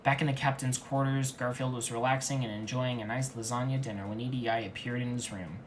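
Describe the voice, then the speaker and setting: A man reads absurd fanfiction aloud in a dead-serious, mock-earnest voice. His pitch sits in the middle, and the delivery stays even and steady. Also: brisk, hardly any pauses, slight background noise. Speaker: fanfiction reader. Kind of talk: comedic deadpan story reading.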